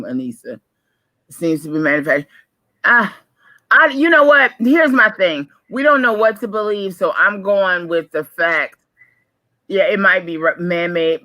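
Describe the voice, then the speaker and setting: Brief: woman morning-show co-host, crisp bright voice, outspoken and quick to laugh, dry close sound. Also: on the low side, no echo. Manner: lively, opinionated, laughs often. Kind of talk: casual radio chat.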